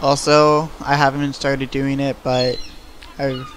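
A man's voice: mid-range voice, slow pace, a little hiss or hum. A young man giving casual, rambling commentary on his gameplay, with plenty of fillers. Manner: relaxed, rambling, many fillers. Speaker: gameplay video creator. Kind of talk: casual let's-play commentary. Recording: home recording with clear game music.

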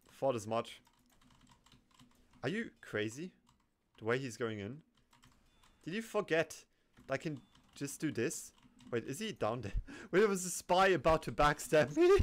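A man giving live commentary over his own gameplay, excitable, swinging from low muttering to sudden yelps and laughter. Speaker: gaming commentator.

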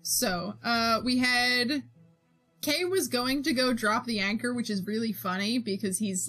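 A young woman with a fairly high voice chats slowly and casually on a live stream, recapping her tabletop session in a rambling, filler-filled way. Soft music plays faintly behind her. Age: young adult. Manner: rambling, filler-heavy recap with frequent laughs. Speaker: streamer and game master. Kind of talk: casual chat while drawing on stream.

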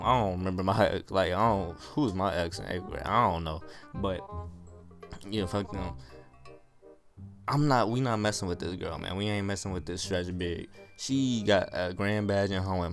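A young man with a low-set voice rambles through a comic storytime in heavy slang, piling on exaggeration. Soft music plays under his talk. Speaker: gaming YouTuber. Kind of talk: casual storytime over gameplay.

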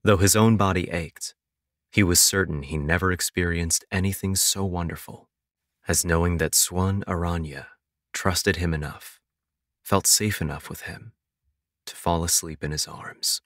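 A man narrating an audiobook in a soft, tender, scripted reading. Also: sits low, steady tone, measured pace, no room sound, studio quality.

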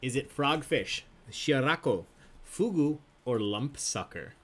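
Playful man hosting trivia, lively pitch. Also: slow pace. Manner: playful, laughs often while reading questions. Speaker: trivia host. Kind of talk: casual live trivia hosting.

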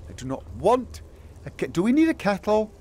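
A man giving playful, excitable running commentary while playing a VR game, chatting to a companion through a headset mic. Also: sits high, moderate pace. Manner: excitable, jokey asides. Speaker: gaming streamer. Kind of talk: casual VR gameplay commentary.

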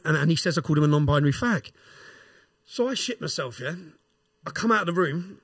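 Fast, husky English man telling a story. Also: a little high, expressive, no echo, clean studio sound. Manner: emphatic, fires "yeah?" tags at the listener. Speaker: podcast guest. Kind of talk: storytelling and ranting.

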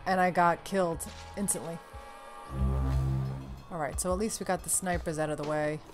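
A woman hosting casual let's-play commentary, excitable and swearing loudly at the game. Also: on the low side, normal speed. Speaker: gameplay host. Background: game music.

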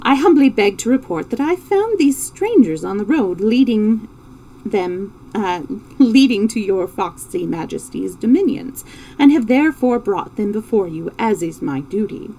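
A woman's voice: medium pitch, big pitch swings, unhurried, warm tone, rough recording. A woman voicing a pompous male fox captain who reports to his king with formal, fawning politeness.

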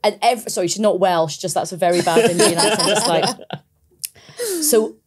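A woman in her forties with a Scottish accent, a podcast guest telling stories in a lively, chatty way with frequent laughs. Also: medium pitch, normal speed, over a noisy crowd. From Scotland. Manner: lively storyteller, laughs often, mimics her parents. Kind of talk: casual interview chat.

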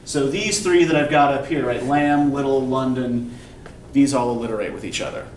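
A man's voice: medium pitch, moderate pace, darkish tone. A male college English instructor giving a classroom lecture, explaining patiently and often checking in with "right?". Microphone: recorder at a distance in the room. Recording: roomy distant classroom recording with faint background noise.

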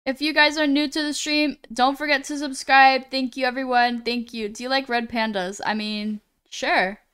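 A woman's voice: high voice, steady tone, normal speed, fairly bright tone, clean tone. A woman streaming live, chatting casually as she reads viewers' messages aloud, often stumbling over names and apologizing.

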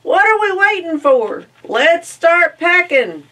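A woman voicing an excitable farm mother in a picture-book reading, shrill and exclaiming. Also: takes it slowly, recorded from a distance. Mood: excited.

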